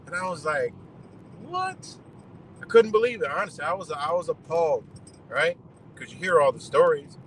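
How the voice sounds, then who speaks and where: A man hosting a livestream, talking in an animated, profane rant and repeating himself in disbelief. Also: on the high side, brisk, a little hiss or hum, poor audio. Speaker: livestream host.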